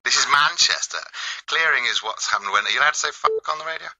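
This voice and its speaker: A man's voice: mid-range voice, animated, fast, pushed and bright, low-quality recording. An English man in his fifties, a comedian guest bantering in a radio studio interview with a theatrical, mischievous, rambling delivery. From England. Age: 50s.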